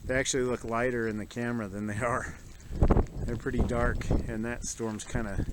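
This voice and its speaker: An outdoor vlogger with a medium-pitched voice narrates casually from a stormy campsite, walking through each step with small asides. His tone is relaxed and chatty, though the recording is very noisy.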